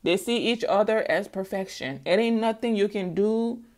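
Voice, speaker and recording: A woman giving a casual tarot reading, animated and laughing often, with folksy slang and sing-song asides. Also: mid-range voice, normal speed, noisy background. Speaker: tarot reader.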